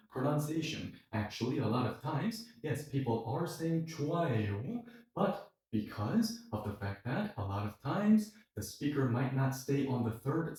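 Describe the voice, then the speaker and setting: A man teaching a language lesson online, explaining step by step and acting out short quoted exchanges with lively shifts in his voice. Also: mid-range voice. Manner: animated, acts out quoted dialogue. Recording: very echoey room, voice from a distance.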